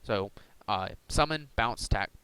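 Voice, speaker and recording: Rambling young man with a smooth voice. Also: on the low side, lively intonation, unhurried, fairly bright tone, dry recording, poor audio. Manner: rambling, with many ums and uhs. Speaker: YouTuber showing a card deck. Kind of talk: casual deck profile talk.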